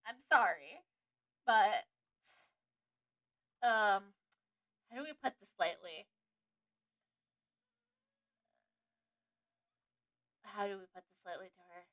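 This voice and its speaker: A woman's voice: mid-range voice, a bit bright, natural voice. A woman reading a formal, proud male prosecutor. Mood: solemn. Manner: formal, measured, slightly dramatic. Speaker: streamer voicing game dialogue.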